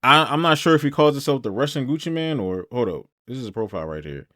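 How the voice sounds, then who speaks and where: A man talks back at a video in a blunt, slangy, sarcastic way. His voice sits at an ordinary pitch, close and dry with no room sound. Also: lively intonation, fast talker, fairly bright tone, no echo. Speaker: reaction commentator. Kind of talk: casual reaction commentary.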